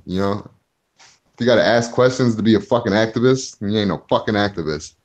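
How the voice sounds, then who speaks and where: A man's voice: on the low side, brisk. A man hosting a casual podcast, reading out chat comments, swearing freely, laughing often and getting heated. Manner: profane, laughs a lot, gets heated.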